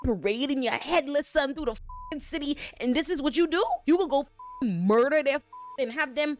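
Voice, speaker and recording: A woman's voice: high voice, normal speed, soft background music, voice pushed up, lightly acted. A woman voicing an exasperated elderly male advisor who curses his foolish grandson. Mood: furious. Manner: shouting in disbelief, profane.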